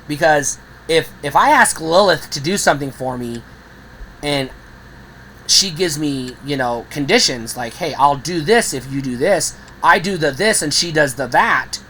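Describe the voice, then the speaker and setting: A woman's voice: deep voice, measured pace, a little hiss or hum, poor audio. A woman in a candid personal monologue, blunt and heavily profane, growing heated and acting out the voices she quotes. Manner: animated, acts out quoted voices. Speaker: video creator.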